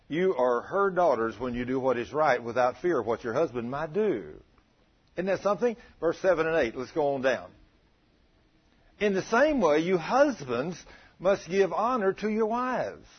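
A man preaching a sermon, telling folksy stories with a chuckle in a husky voice. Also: a little high, expressive, normal speed, muffled recording.

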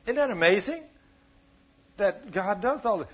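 A man preaching a sermon, telling stories in a folksy, animated way. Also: high-pitched, measured pace, breathy edge. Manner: folksy, animated storytelling with acted quotes. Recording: dull lo-fi sound.

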